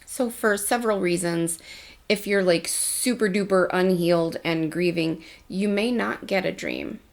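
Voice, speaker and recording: Candid chatty woman with a gravelly edge. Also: lowish voice, unhurried. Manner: candid and chatty, with casual slang. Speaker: life coach. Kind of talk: casual vlog storytelling.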